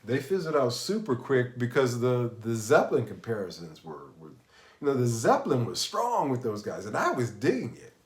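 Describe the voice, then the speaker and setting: A man's voice: medium pitch, huge pitch swings, moderate pace, reverberant. A man hosting a casual live stream about music, rambling with many restarts, sounding unwell and tired. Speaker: livestream host.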